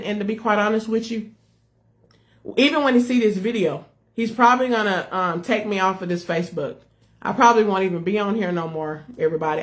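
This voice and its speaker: An American woman who leads a ministry gives an earnest personal testimony, speaking directly to her followers and viewers and repeating herself. Her voice is medium in pitch and a bit bright.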